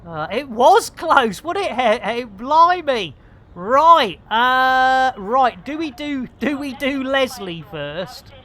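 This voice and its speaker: A man's voice: very high-pitched, big pitch swings, slow, pushed and bright, a little hiss or hum. A man streaming a space game, chatting casually and full of playful catchphrases. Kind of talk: casual live game commentary.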